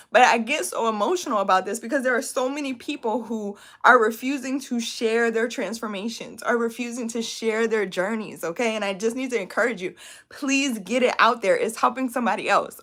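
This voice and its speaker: A woman's voice: fairly high pitch, fairly quick, sharp tone. A woman business coach giving an emphatic, encouraging motivational talk on a live stream, often asking "okay?" and "right?". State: emotional, near tears.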